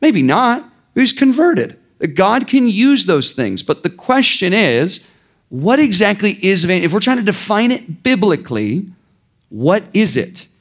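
A man's voice: sits high, very animated, unhurried. A man preaching a sermon in an informal, conversational way, with sarcastic asides and frequent restarts. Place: church.

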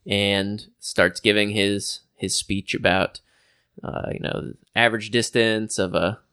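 A man co-hosting a podcast in casual chat, dryly teasing and talking haltingly with many fillers. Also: fairly low pitch, fairly even intonation, pushed and bright, smooth, dry recording, studio quality. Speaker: podcast co-host.

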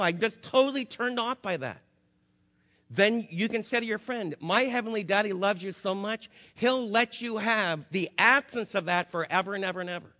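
Male pastor, impassioned sermon delivery, slightly high voice, reverberant church sound. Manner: impassioned, swinging from loud to hushed. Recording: long hall reverb.

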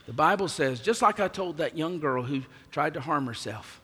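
A man's voice: on the high side, a bit bright, slightly rough. A man preaching a sermon as pastor, emphatic, his voice swelling and dropping in volume. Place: church sanctuary. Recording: long hall reverb.

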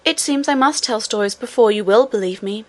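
A small princess in a storybook reading, quiet and composed, holding her ground with a light, raised voice, put on by a woman narrator. She keeps her words even and unruffled. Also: a little high, brisk, lightly acted. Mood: calm, firm. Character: calm, stubborn little girl princess.

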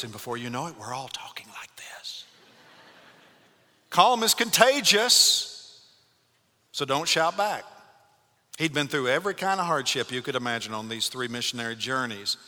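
A male pastor giving a Sunday morning sermon, swinging between loud calls and hushed, calm speech. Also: mid-range voice, in a large hall. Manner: dynamic preaching, shifts from loud to hushed.

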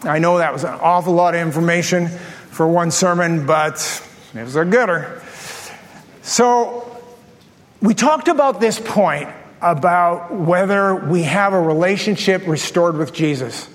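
A man preaching a sermon as pastor, telling a story with lively, acted-out asides to his congregation. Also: sits high, unhurried. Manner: animated storytelling, acts out his own thoughts. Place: large church hall. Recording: long hall reverb.

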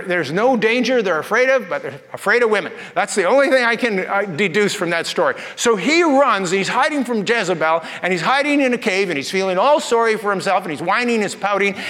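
A man preaching a sermon as pastor, telling stories in an animated way with playful asides, recorded in a church. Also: high-pitched, long reverb tail.

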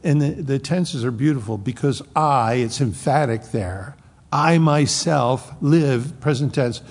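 An older pastor in his seventies preaching with a gravelly, husky voice. He leans hard on quoted scripture and drops in folksy jokes. His voice rings with long reverb from a church hall. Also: medium pitch, moderate pace, a little mellow. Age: 70s. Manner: folksy, joking asides, emphatic quoting of scripture. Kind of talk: sermon.

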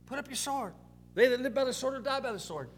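Preacher doing a steady, raised-pitch teacher figure, firm and measured. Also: male voice, soft background music. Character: calm commanding male teacher of disciples.

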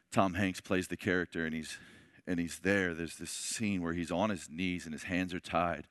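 A man preaching to a men's Bible study in an impassioned way, moving from shouts to hushed words. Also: low voice, dry recording, clean studio sound. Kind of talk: sermon.

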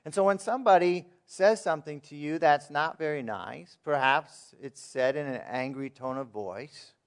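A man's voice: fairly high pitch, moderate pace. A man preaching a sermon in a plain, conversational way, asking his listeners questions and reading verses aloud. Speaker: pastor.

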